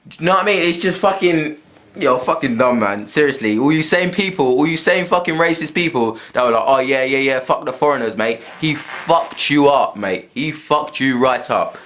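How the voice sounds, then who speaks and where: A man's voice: a little high, lively intonation, moderate pace, a bit bright. A man from England, ranting to camera in his room at home, swearing freely and repeating himself as he goes. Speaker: vlogger. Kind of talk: casual rant to camera.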